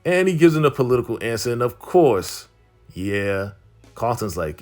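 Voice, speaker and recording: A man's voice: mid-range voice, big pitch swings, moderate pace, darkish tone, soft background music. A man casually recapping a TV episode, in a slangy, laid-back way that leans on filler phrases. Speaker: TV recap vlogger.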